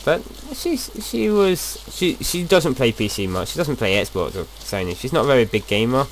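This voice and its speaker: A man's voice: medium pitch, sing-song, normal speed, slight background noise. A young man casually talking through his gameplay as a video host, rambling and chatty, often restarting his sentences.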